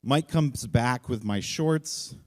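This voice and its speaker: A man telling a funny personal story on stage at a live event, self-mocking and acting out the voices in it. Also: slow pace. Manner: animated, self-mocking, acts out voices with big jumps in pitch.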